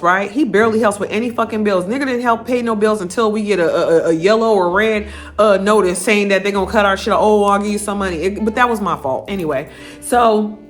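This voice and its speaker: An adult woman, telling a personal story to camera in a candid, profane, lively way. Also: fairly high pitch. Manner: candid, profane, animated retelling. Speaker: vlogger.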